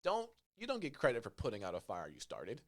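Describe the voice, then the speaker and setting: Young male podcast co-host, lively and jokey, mid-pitched, prone to comic impressions. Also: quick pace. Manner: animated, jokey, mimics game characters in high voices. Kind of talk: casual gaming podcast chat.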